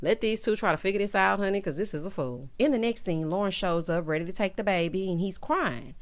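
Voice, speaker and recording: A woman's voice: mid-range voice, fairly quick. A woman giving a sassy, opinionated recap of a TV episode and talking straight to her viewers. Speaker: TV recap vlogger.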